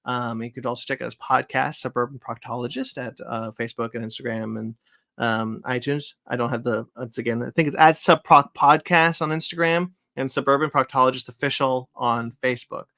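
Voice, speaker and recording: A man's voice: mid-range voice, steady tone, fairly quick, vocal fry, sharp tone, no room sound, studio quality. A man hosting a podcast, casually wrapping up the show with plugs and thanks, full of ums and uhs. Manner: rambling, lots of fillers while reading out plugs. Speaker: podcast host. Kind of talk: casual podcast chat and sign-off.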